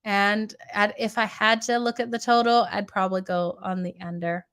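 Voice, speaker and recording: Woman podcast host, raspy strained voice, smooth resonant tone, casual chatty picks rundown, medium pitch. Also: fairly even intonation, normal speed, fairly bright tone. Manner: chatty, addresses viewers as "you guys". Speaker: sports betting podcast host.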